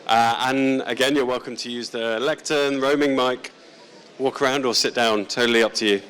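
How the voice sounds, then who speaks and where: A man hosts a live showcase session. He moves things along briskly and informally, with fillers and a relaxed tone. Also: medium pitch. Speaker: session host.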